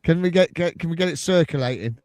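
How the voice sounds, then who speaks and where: A man's voice: fairly high pitch, fast talker, a little mellow. Joking man on a fan podcast. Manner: joking, playful. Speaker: podcast co-host. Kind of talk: casual football podcast chat.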